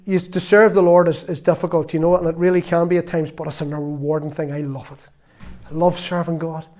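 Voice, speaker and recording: A man in his fifties delivers an earnest, conversational sermon in a slightly high voice. He talks plainly to his listeners and sometimes drops to a quiet, confessional tone. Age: 50s. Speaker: preacher.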